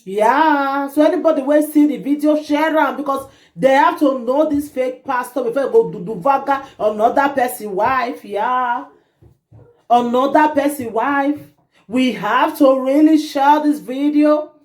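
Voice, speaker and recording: A woman vlogger tells a gossip story in Nigerian Pidgin, calling out to her viewers. She sounds animated and indignant. Her voice sits fairly high, in a room with a noticeable echo. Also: a little slow. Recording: roomy echo.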